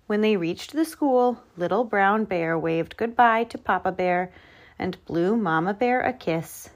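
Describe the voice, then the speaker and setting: Slow, gentle woman reading a storybook. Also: medium pitch, lively intonation. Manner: slow, clear, child-friendly reading. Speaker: storyteller, former kindergarten teacher. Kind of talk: storybook read-aloud.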